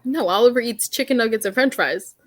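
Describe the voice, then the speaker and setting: A woman chatting casually on a podcast, speaking with halting restarts about her young children. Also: fairly high pitch. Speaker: podcast guest or co-host, mother. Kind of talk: casual chat.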